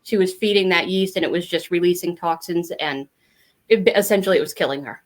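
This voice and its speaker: A woman's voice: on the low side, fairly quick. A middle-aged woman telling her family story as a podcast guest, candid and talkative, with many fillers. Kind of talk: casual interview storytelling.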